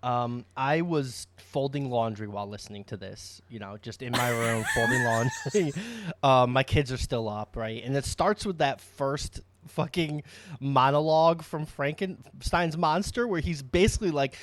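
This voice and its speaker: A man's voice: mid-range voice, moderate pace, no echo. A man co-hosting a podcast, telling anecdotes in casual chat, laughing and swearing. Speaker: podcast co-host.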